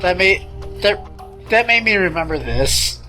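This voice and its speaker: A man with a high voice chatting casually on a podcast, playful and teasing. Music plays clearly behind him. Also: sing-song, unhurried. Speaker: podcast co-host. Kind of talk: casual chat.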